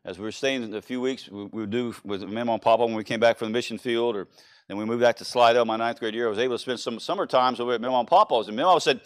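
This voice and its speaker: Animated Louisiana preacher quizzing his flock. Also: mid-range voice, quick pace, smooth. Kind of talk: sermon.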